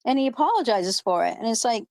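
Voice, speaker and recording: A woman's voice: a little high, big pitch swings, quick pace, a little mellow, no echo. A woman hosting a live online panel in casual chat, rambling and emphatic, swearing freely. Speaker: panel host. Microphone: video call.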